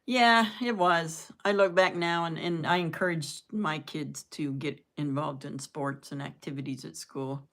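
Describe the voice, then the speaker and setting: Older woman, low pitch, rambling casual live-chat host who laughs at her own jokes. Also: steady tone, a little slow, few pauses, a bit bright. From southern United States. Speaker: live-stream host chatting with viewers.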